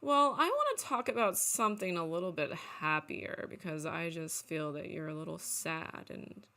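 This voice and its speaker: A woman's voice: lowish voice, sing-song, normal speed, vocal fry, sharp tone. A woman playing a life coach in casual comedic chat, earnest and encouraging.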